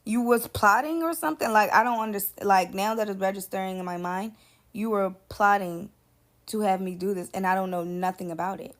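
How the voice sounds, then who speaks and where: A woman's voice: mid-range voice, fairly quick. A young woman tells a personal story straight to camera, casual and sassy, swearing freely. She jumps in and out of quoting people, acting out their lines with plenty of attitude. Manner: animated, profane, sassy, acts out quotes.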